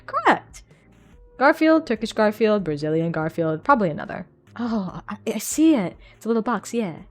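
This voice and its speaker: A young woman VTuber chatting live with her viewers, excitable, swearing and laughing often, into a desk mic at home. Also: mid-range voice, moderate pace. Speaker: VTuber streamer. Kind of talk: casual live-stream chat. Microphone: desk microphone.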